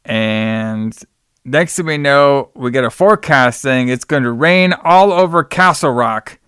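A man's voice: mid-range voice, unhurried, fairly bright tone, smooth, no echo, clean studio sound. A man hosting a podcast, casually retelling a movie's plot and acting out the characters' lines in his own voice. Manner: loose retelling, acts out quotes in plain voice, calls cohost brother. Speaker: podcast host. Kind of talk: casual movie recap chat.

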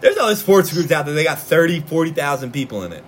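Laid-back Philly sports podcast host. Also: male voice, on the high side, big pitch swings, fast talker, a little hiss or hum. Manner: loose, laughing, swearing freely. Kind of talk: casual sports podcast chat.

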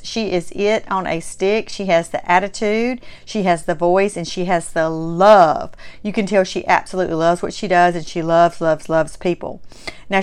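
A woman's voice: fairly low pitch, clear, resonant tone. A woman with a Mississippi Southern accent hosting her own vlog, chatting in a folksy, enthusiastic way and repeating words for emphasis. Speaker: host.

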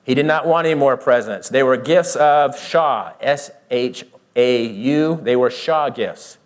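A male preacher working through scripture line by line, his voice sitting in an ordinary middle pitch. He keeps asking questions and answering them himself. His voice climbs for emphasis and drops low to explain. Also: a little slow. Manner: lively, rising for emphasis and dropping low to explain. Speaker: pastor. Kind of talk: verse-by-verse Bible teaching.

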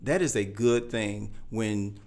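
Earnest low-voiced male principal. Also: slow pace. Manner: earnest, animated when quoting others. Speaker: school principal, guest. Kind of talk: podcast interview.

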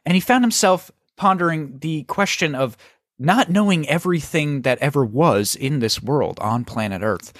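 A man's voice: medium pitch, a bit bright, no room sound, studio quality. A man hosting a casual chat and improvising a rambling, dramatic story. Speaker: podcast host.

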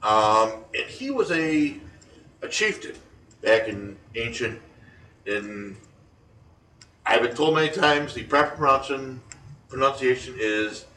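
A man's voice: mid-range voice, animated, slow pace, pauses often, sharp tone, a little hiss or hum. Guy rambling thru irish folk tales w/ jokes, kinda far from the mic, echoey room. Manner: joking, rambling with fillers. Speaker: podcast co-host. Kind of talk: casual chat retelling folklore. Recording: roomy, distant mic, faint ambience.

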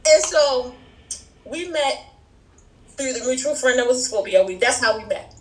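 A woman with a high voice chats as a podcast guest. She tells personal stories with energy, slipping into her friends' voices as she goes. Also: normal speed, roomy sound, low-quality recording. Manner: animated storyteller, acts out friends' voices. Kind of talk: casual chat.

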